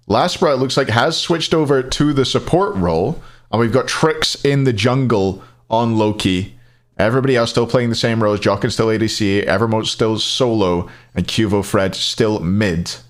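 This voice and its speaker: Man, casual esports stream host, lively up-and-down pitch, chatty and relaxed, answers chat.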